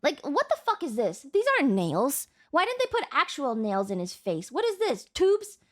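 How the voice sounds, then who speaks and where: Young woman streamer, high voice, casual and foul-mouthed, quick to exasperated rants at chat. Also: huge pitch swings. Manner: profane, exasperated outbursts at chat.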